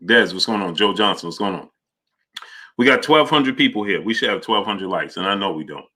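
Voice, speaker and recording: Bright-voiced New livestream host. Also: male voice, fairly low pitch, lively intonation, a little fast. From New York. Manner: greets viewers by name, reads super chats aloud. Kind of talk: casual livestream chat.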